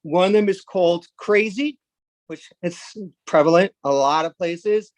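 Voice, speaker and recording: A man from Brooklyn, doing a rambling, deadpan stand-up set. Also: sits high, a little slow, dry recording. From Brooklyn, New York. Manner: rambling, deadpan, with sudden loud jumps into put-on voices. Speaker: stand-up comedian.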